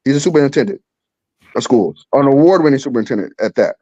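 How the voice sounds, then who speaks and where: Fast, insistent man on a dull line. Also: mid-range voice, lively intonation, warm tone, no echo. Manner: insistent, repeats his points. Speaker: podcast panelist. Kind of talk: heated casual debate. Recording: dull, lo-fi and dry.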